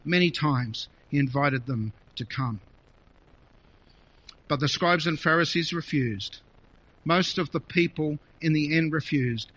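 A man preaching a sermon, reading scripture aloud with feeling and expressive emphasis. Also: fairly high pitch, a little slow. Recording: dull lo-fi recording.

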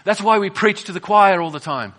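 A man preaching a sermon, swinging between soft, drawn-out phrases and emphatic bursts. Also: high voice.

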